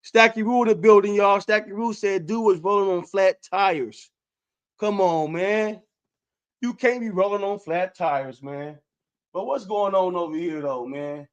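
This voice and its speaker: A man's voice: sits high, a little slow, highs cut off. A man hosting his own livestream, talking casually and rambling about sneakers and street culture, full of "man" and "y'all". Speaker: livestream host.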